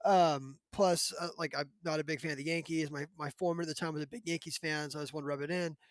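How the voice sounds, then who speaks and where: High-voiced man telling a rambling story. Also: quick pace, no room sound. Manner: rambling, filler-heavy, animated. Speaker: podcast host. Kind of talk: casual storytelling.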